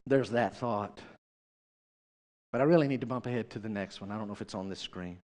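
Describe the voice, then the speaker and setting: A man's voice: fairly low pitch, fairly quick, a little mellow, big-room sound. A male pastor preaching a sermon, chatty and direct, often turning to the congregation with questions.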